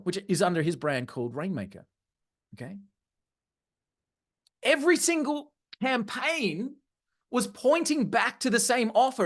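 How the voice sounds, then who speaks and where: A marketing trainer speaks to a live audience in an animated way. Key phrases come back again and again for emphasis, in a voice of middle pitch. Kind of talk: live seminar talk.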